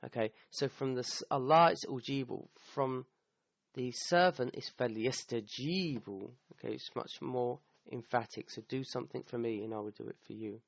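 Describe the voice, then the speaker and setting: A man's voice: mid-range voice, steady tone, normal speed, gravelly, no room sound, highs cut off. A man teaching the meaning of a Quran verse, thinking aloud with restarts and often checking in with "okay?". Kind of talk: recorded talk explaining a verse.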